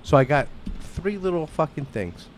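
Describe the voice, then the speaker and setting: A man telling a story in casual chat, swearing, restarting his sentences and getting louder as he goes. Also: on the high side, sing-song, normal speed, a little hiss or hum. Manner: loud, profane storytelling with frequent restarts.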